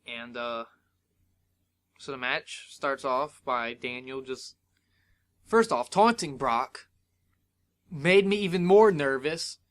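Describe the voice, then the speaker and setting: A young man hosting a solo wrestling review podcast, retelling events in an excitable, animated way with lots of fillers. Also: medium pitch, slow pace, pauses often. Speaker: podcast host.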